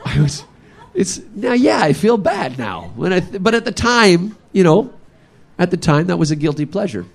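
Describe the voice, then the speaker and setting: A man's voice: sits high, moderate pace, vocal fry. A man in his thirties telling a funny personal story live, laughing often and acting out his family. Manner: animated, laughing, acts out family members.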